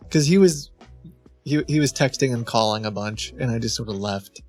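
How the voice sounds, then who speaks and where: A man's voice: medium pitch, steady tone, moderate pace, faint music behind. Chatty man telling a story on stream. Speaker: streamer host. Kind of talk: casual stream chat.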